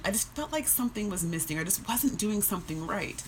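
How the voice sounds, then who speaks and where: A woman's voice: mid-range voice, expressive, fairly quick, slight background noise. A woman hosting a live stream, talking earnestly and emotionally, near tears, with many restarts. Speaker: fitness social media host. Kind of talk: casual live-stream talk and reading aloud. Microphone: phone.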